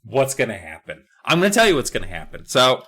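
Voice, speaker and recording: Animated swearing podcast guy. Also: fast, slightly rough. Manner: animated, swears a lot, acts out characters in high squeaky voices. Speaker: podcast co-host. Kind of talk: casual podcast recap chat.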